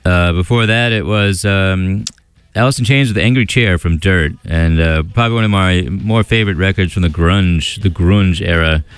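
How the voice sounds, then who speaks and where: Late-night male DJ, very low and smooth, easygoing, rambling between tracks. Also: moderate pace, few pauses, no echo, soft background music. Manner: relaxed, rambling, with many fillers. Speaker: radio DJ. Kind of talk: casual radio DJ patter.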